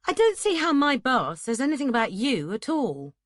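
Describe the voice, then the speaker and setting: A woman's voice: wildly swooping pitch, moderate pace, no echo, clean studio sound. A woman voicing a flustered young heroine in disguise. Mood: tart. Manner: shrill, panicky protests.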